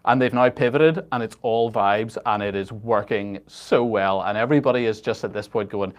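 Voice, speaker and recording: A man co-hosting a casual political talk show, talking in halting bursts with many restarts and sardonic asides. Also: lowish voice. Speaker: editor-in-chief and co-host.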